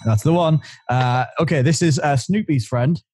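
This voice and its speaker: A man co-hosting a podcast, giving quiz clues in a halting way with many fillers. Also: fairly high pitch, darkish tone, slightly rough, dry recording. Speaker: podcast co-host.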